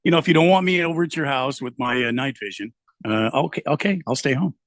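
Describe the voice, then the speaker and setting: A man's voice: mid-range voice, fast talker, no room sound. A man, co-host on a sports radio show, chatting in a dry, teasing way. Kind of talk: casual radio banter.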